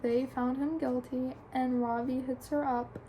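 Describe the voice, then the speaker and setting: A woman's voice: sits high, little pitch movement, unhurried, mellow, slight background noise, rough recording. A young adult woman chattily retelling a book's plot for a review, full of "like" and "um". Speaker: book reviewer. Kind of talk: casual plot recap.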